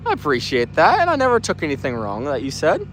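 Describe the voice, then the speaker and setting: A young man casually chatting on a livestream at night outdoors, reading viewer comments in a relaxed, slangy way. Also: a little high, fast talker, slight background noise. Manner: laid-back, slangy, reads comments aloud. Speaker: livestream host reading chat. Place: outdoors at night on a work site.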